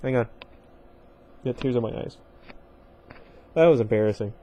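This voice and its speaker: A male host reading a novel aloud in a casual way. He reads in a plain, medium-pitched voice and keeps stopping to talk to his audience. The asides are loose and chatty. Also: moderate pace, mellow, muffled recording.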